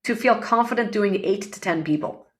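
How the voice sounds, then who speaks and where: A middle-aged woman, a breathwork facilitator, telling personal stories in an emotional, animated way with many fillers. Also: medium pitch, normal speed. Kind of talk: casual interview storytelling.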